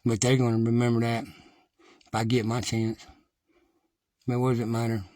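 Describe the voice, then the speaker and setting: A man's voice: medium pitch, completely flat delivery, normal speed, dry recording. A middle-aged man giving an impassioned, defiant monologue to his viewers, blunt and heavily profane. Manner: rises to agitated, loud ranting.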